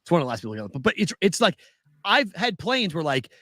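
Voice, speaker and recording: A man's voice: on the high side, sing-song, racing, fairly bright tone, no room sound. A man co-hosting a casual chat show, telling a story with animation and acting out both sides of the conversation. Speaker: podcast co-host.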